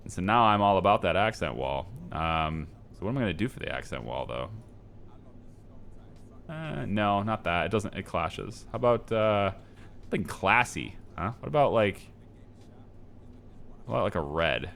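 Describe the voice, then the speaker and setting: A man's voice: deep voice, big pitch swings, normal speed, gravelly, pauses often, a bit bright, slight background noise. A man giving casual gameplay commentary, rambling, indecisive and poking fun at himself as he decorates. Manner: rambling, indecisive, self-mocking. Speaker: gameplay streamer.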